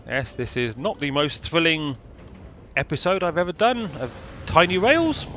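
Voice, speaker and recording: Dry sarcastic British man, bright voice. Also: a little high, lively intonation, normal speed, slight background noise. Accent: British English. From Britain. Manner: dry, sarcastic, rambling asides. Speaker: gameplay commentator. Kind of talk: casual gameplay commentary.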